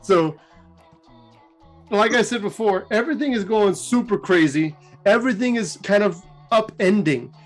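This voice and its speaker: A man's voice: high-pitched, lively intonation, normal speed, soft background music. A young man hosting a casual lore retelling, chatty and giggly with slangy asides. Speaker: host.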